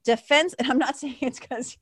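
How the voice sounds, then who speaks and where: A woman giving a casual spiritual talk, talking fast and reading passages slowly. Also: high-pitched, breathy edge, dry recording, clean studio sound. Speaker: spiritual teacher.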